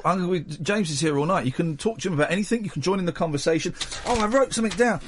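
A man's voice: sits high, animated, fast talker, slight background noise. A man hosting a late-night radio chat show, chatty and jokey. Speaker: radio host.

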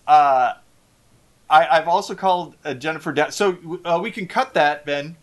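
Rambling middle-aged man on a podcast. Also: on the high side. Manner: rambling, halting with many fillers. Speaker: podcast co-host. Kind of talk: casual podcast chat.

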